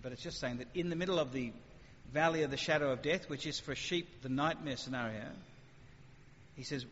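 A man giving an animated, conversational talk on faith to an audience, with lively acted asides before taking questions. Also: mid-range voice, brisk. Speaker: speaker. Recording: muffled hall recording with faint noise.

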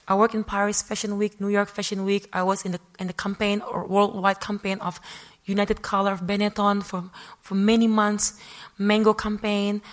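Woman, former model, telling her story to a crowd; lively, acts out her own lines, often restarts mid-phrase. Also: medium pitch. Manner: animated storytelling, acting out her own past remarks. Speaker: former fashion model giving a testimony. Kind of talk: personal testimony talk.

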